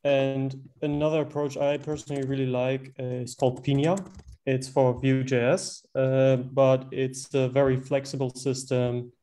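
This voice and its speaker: A man speaking politely and in a measured way on a casual video call. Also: medium pitch, little pitch movement, mellow.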